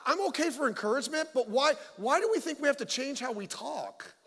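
Male pastor, very high voice, blunt joking sermon, long church reverb. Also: expressive, fairly quick, fairly bright tone. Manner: blunt, joking, mocking asides. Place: church sanctuary.

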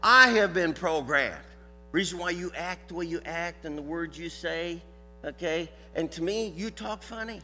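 An older man with a Southern US accent preaching a folksy, animated sermon to a church audience. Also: fairly high pitch, moderate pace, big-room sound, soft background music, low-quality recording. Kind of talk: sermon with a live dog demonstration.

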